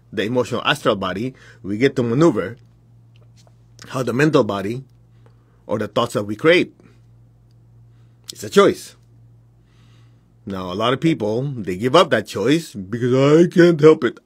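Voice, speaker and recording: Blunt male spiritual teacher, husky voice, dry close sound, talks straight to his followers. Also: medium pitch, no echo. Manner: blunt, direct, laughs between points.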